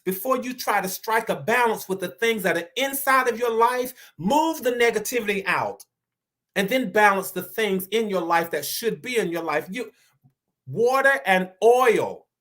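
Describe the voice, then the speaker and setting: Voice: medium pitch, a bit bright. Stammering, emphatic inspirational preacher. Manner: stammers and repeats words, slows down for emphasis; preacher-like, rising to emphatic declarations. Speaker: inspirational speaker. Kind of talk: motivational sermon-style talk.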